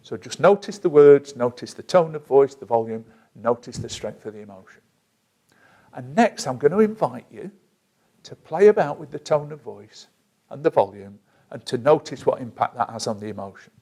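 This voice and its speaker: A man with a voice of ordinary middle pitch talks a listener through a self-help technique. He stays gentle and measured, and he slows down to give each instruction. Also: animated. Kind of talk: calm guided instruction.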